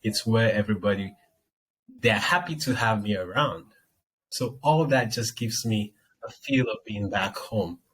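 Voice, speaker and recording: A young man with a Nigerian accent, a guest chatting casually in an interview and telling lively stories. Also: on the low side, a little slow, slight background noise, low-quality recording. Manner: animated storyteller, acts out quoted voices.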